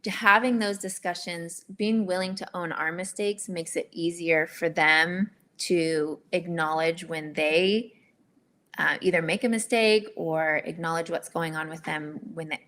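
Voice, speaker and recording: A middle-aged woman speaks as a guest in a relaxed interview. Her voice is bright and a little low-pitched, and she tells stories in an earnest, candid and animated way. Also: a little slow. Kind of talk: casual interview.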